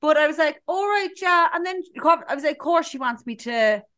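A woman's voice: high voice, brisk. An Irish woman co-hosting a podcast in casual chat, telling stories and acting out what others said. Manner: chatty, tells stories acting out others' lines. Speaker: podcast co-host.

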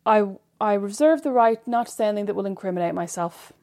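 A woman, co-hosting a podcast in animated, gossipy casual chat. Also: mid-range voice, fast talker. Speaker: podcast co-host.

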